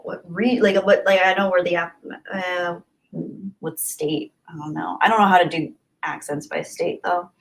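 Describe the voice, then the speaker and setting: Chatty woman reading her livestream chat. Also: on the low side. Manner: chatty, reads out viewer comments and answers them. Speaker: YouTuber hosting a livestream.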